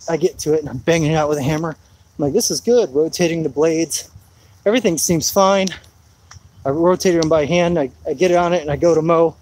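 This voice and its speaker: A man's voice: fairly high pitch, darkish tone, no room sound, poor audio. A man rambling through a laid-back live chat outdoors in his rainy backyard, full of fillers. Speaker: homesteading vlogger.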